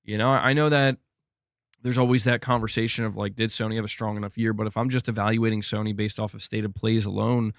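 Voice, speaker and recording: A man's voice: fairly low pitch, flat delivery, fast, creaky, no room sound, clean studio sound. A young man streaming about gaming news, chatting casually and reading viewer comments, rambling with lots of "like" and restarting sentences. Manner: rambling, many "like" fillers and restarts.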